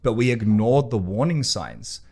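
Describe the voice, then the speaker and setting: A man's voice: medium pitch, lively intonation, measured pace, gravelly, mellow. A man hosting a podcast, talking bluntly and emphatically in a casual conversation, swearing freely. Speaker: podcast host.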